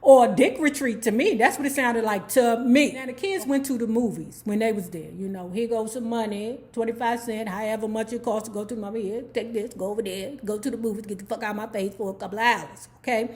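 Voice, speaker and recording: Woman, book club vlogger, from Washington D.C., higher pitch, profane storytelling, keeps asking "okay?". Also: brisk, hardly any pauses, a little mellow. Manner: candid, profane, frequent "okay?" asides. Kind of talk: casual storytelling book review.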